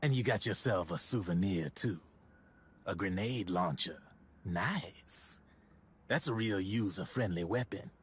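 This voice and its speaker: A man voicing a laid-back male arms dealer in a game, speaking in a wry, relaxed way. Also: low-pitched, a little slow, slightly rough, full character voice. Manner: relaxed, wry, sometimes hushed.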